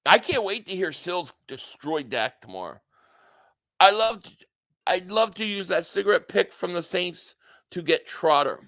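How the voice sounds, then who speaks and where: High, bright-voiced ranting stream host. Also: male voice, measured pace. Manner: excitable, blunt, ranting, profane. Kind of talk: live sports reaction stream, reading super chats.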